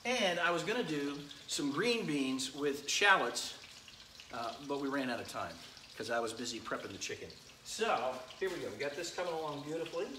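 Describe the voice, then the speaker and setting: This is a middle-aged man hosting a laid-back live cooking show from home, talking to viewers and welcoming them by name while chicken fries. His voice leans high with lively intonation and an ordinary pace. The kitchen sounds echoey, with a sizzling pan faintly audible.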